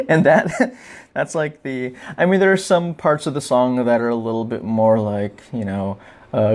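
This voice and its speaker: Slow-talking, wry podcast host man. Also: mid-range voice, darkish tone. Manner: wry, joking delivery. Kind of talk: casual podcast monologue.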